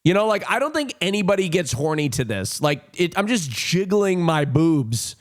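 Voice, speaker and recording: A man's voice: high voice, very animated, moderate pace. A young man chatting casually on a livestream at home, rambling and self-mocking with lots of fillers. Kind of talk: casual chat. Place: home streaming room.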